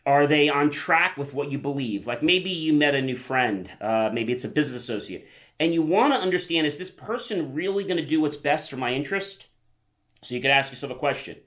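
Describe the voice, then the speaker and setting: A man's voice: on the high side, expressive, brisk, a bit bright. A man presenting a self-help lesson to the camera, in a casual, enthusiastic, chatty way, often checking in with the viewer. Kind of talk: casual instructional talk to camera.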